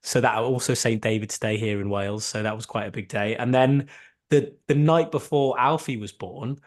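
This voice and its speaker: A man's voice: mid-range voice, normal speed. A man in his thirties co-hosting a casual podcast, teasing his friend in friendly banter and laughing easily. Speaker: podcast co-host.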